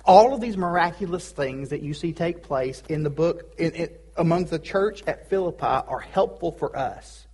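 A man's voice: on the high side, animated, normal speed, hardly any pauses, a little mellow, slight background noise. A man preaching a sermon as pastor, casual and joking, with pop-culture asides.

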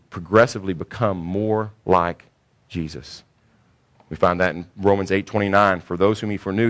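A man preaching a sermon to a congregation, emphatic, repeating key points and asking rhetorical questions. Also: low voice. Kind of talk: sermon teaching.

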